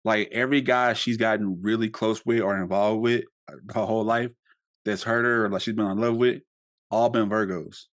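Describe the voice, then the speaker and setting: A man's voice: fairly low pitch, steady tone, a little fast. A young man hosting a podcast, talking casually and rambling with many fillers and restarts. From United States. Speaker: podcast host.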